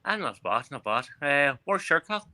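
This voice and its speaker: A man's voice: fairly high pitch, very animated, moderate pace, sharp tone. A man calling in to a fan show, earnestly passing on club news. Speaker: caller. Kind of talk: casual phone-in chat.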